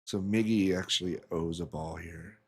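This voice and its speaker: A man's voice: low-pitched, fairly even intonation, normal speed, darkish tone, slightly rough. A man commentating a pool match in a casual way, rambling through stories and chuckling often.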